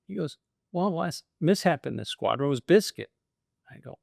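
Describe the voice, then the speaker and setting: A man's voice: mid-range voice, fairly quick, gravelly, no room sound, clean studio sound. A middle-aged man telling stories in an interview, acting out the dialogue as he goes. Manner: animated, acts out quoted dialogue. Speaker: guest. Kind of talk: storytelling interview.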